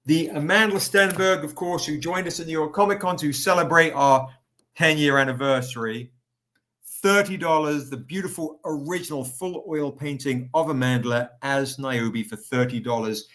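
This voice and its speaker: A man's voice: on the high side, moderate pace, sharp tone. A man hosting a casual live stream, chatty and upbeat, greeting viewers by name while selling comic editions. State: recovering, tired.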